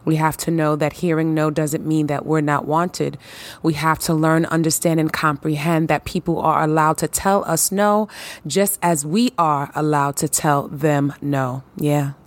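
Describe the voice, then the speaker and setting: A woman hosting her own podcast, talking to listeners in a lively, playful, hype-building way. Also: deep voice, measured pace. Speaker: podcast host. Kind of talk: casual solo podcast talk.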